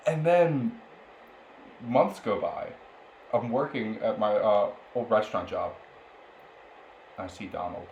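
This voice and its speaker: A man's voice: fairly low pitch, slow pace, long pauses, a little mellow, lo-fi sound. A young man on a podcast, rambling through a story and laughing often as he goes. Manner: laughs often while telling stories, rambling. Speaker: podcast co-host. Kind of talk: casual storytelling chat. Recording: roomy echo with faint background noise.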